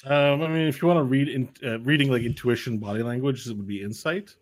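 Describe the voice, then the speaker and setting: A man narrating as game master of a tabletop game, animated and often laughing as he describes events. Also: mid-range voice, fast.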